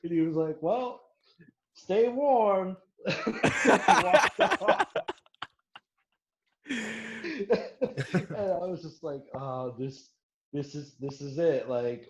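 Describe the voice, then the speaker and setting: A man's voice: medium pitch, roomy sound, muffled recording, slight background noise. A young man telling a long war story in casual podcast chat, swearing often and laughing as he acts out what others said. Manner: profane, laughing, quotes others in animated bursts.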